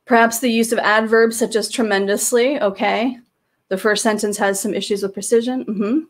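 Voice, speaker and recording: A woman's voice: fairly high pitch, steady tone, normal speed. A woman presenting slides to teachers, explaining in a patient way with frequent fillers and restarts, speaking into a computer microphone on a video call. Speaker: teacher trainer presenting a webinar.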